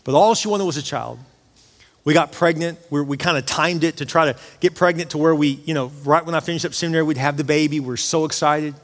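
A man's voice: on the high side, fast talker. A man who is a pastor, preaching a sermon and telling a personal story with rising emotional intensity. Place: church auditorium. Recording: long hall reverb of a church.

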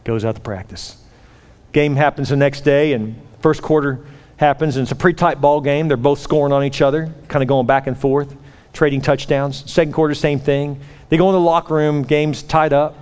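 Animated man preaching in an echoey hall. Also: a little high, moderate pace, clear, resonant tone. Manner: animated, repeating words in bursts. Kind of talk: sermon storytelling. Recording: long echoey hall reverb.

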